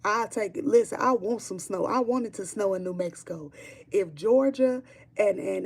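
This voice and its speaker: Woman, gravelly fry, casual livestream chat, emphatic, repeats herself, swears. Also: medium pitch, moderate pace. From Chicago, Illinois. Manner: emphatic, repetitive, swearing freely. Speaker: streamer chatting with viewers.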